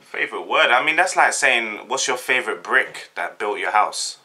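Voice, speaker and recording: Laid-back South London young man, bright tone. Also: mid-range voice, animated, normal speed. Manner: laid-back, jokey, rambling with slang. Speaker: vlogger. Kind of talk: casual chat, answering a tag.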